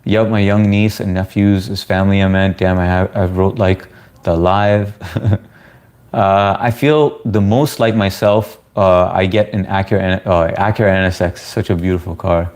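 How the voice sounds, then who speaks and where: A man's voice: deep voice, fairly even intonation, normal speed, a little mellow. A man from the US chatting casually with viewers on a livestream, laid-back and talkative. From United States. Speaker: live streamer answering chat.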